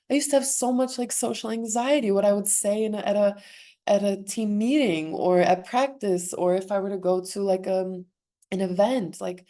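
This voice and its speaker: A woman's voice: medium pitch, normal speed, mellow. A young woman, a former swimmer, speaking as a podcast guest in an earnest, emotional way, laughing often and restarting her sentences. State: emotional, close to tears. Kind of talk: heartfelt conversational interview.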